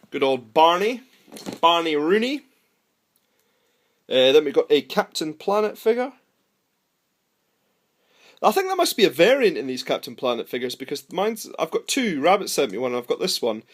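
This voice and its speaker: Chatty man, fairly high voice. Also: sing-song, moderate pace, pauses often. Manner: chatty, self-deprecating, rambling. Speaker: toy collector vlogger. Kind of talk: casual unboxing chat.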